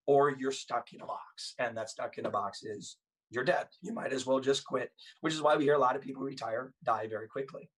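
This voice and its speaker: A man's voice: medium pitch, fairly quick, far from the mic, poor audio. A man, a former police officer, telling stories as a podcast guest in an earnest, emphatic way. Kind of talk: casual storytelling conversation.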